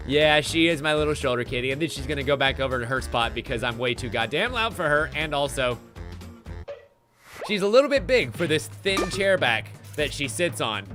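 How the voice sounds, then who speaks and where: A man's voice: a little high, lively intonation, brisk, pushed and bright, soft background music. A man streaming a party game live, chatting playfully and sarcastically with his audience. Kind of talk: casual live-stream commentary.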